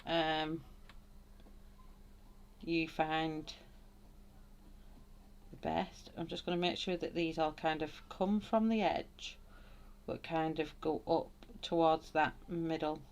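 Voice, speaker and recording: Low-voiced woman chatting through a colouring demo. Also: steady tone, takes it slowly, long pauses. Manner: thinks aloud, greets chat viewers, laughs often. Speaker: colouring tutorial host. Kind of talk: live colouring demonstration, chatty.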